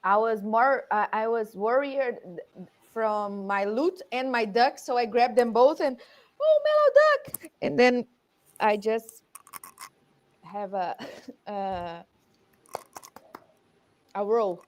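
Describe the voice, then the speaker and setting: A woman whose first language is Portuguese, playing a tabletop game in English, talking haltingly as she searches for words. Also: fairly high pitch. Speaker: player. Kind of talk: casual game talk.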